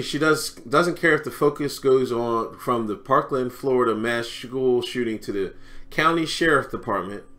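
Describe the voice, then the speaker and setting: A man giving casual reaction commentary on a vlog, animated and slangy, laughing often as he talks. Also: medium pitch. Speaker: commentary vlogger.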